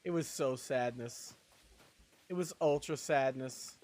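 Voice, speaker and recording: A man's voice: mid-range voice, slow pace, a little mellow. A young man streaming live, chatting casually while he plays a game, rambling with jokey asides. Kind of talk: casual chat while gaming.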